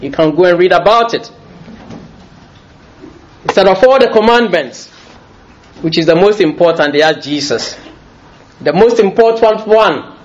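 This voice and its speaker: A middle-aged man preaching a sermon in a lively, jokey way, often laughing as he speaks. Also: fairly high pitch, lo-fi sound.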